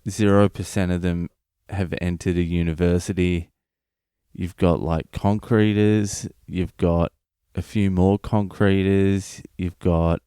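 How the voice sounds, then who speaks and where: A man's voice: sits low, mellow, clear, resonant tone, no room sound, studio quality. An Australian man in his thirties, a comedian hosting his own podcast, delivering a profane, ranting comedic monologue.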